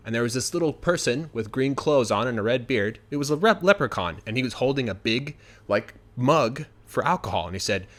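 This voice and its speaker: Man, casual spoken storyteller, relaxed and chatty, middle pitch. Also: brisk, hardly any pauses. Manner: relaxed and conversational, with fillers like "you know".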